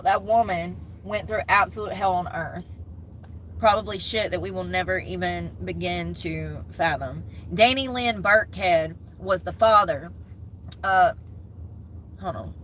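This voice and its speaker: A young woman, chatting casually to camera as a vlogger, gossipy and animated. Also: on the low side, a little slow, slight background noise, rough recording. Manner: chatty, gossipy, talks with her hands in words like "y'all" and "homegirl".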